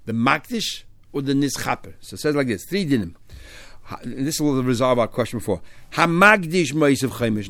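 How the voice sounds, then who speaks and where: A man's voice: medium pitch, dry recording. A man, teaching a Talmud class and explaining each step with Hebrew and Aramaic terms, lifting his voice on key phrases.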